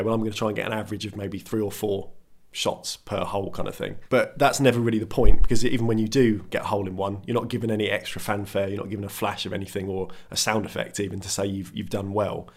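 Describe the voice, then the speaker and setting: A man with a lowish voice talks fast in relaxed chat, co-hosting a podcast. He rambles through his points with plenty of "like" and "kind of". His delivery stays fairly even, close to monotone. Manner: thoughtful, explains at length with many "like" and "kind of"; calls his own voice monotone. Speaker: podcast co-host. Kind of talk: casual chat. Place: at a table with his co-host.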